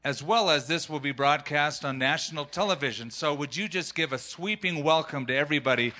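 A man's voice: on the high side, a little fast, sharp tone. A male pastor leading a live church service and chatting with guest musicians in an upbeat, joking way.

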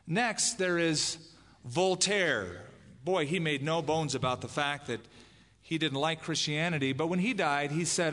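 A man's voice: fairly high pitch, a little slow, fairly bright tone. A man preaching a sermon as pastor, emphatic, dramatizing the lines he quotes. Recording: long hall reverb.

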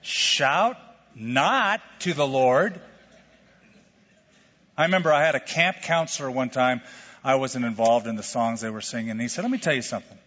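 A middle-aged male pastor preaching a sermon in a lively, conversational way, full of questions to the congregation. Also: fairly high pitch, breathy edge. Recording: lo-fi sermon recording with long hall reverb.

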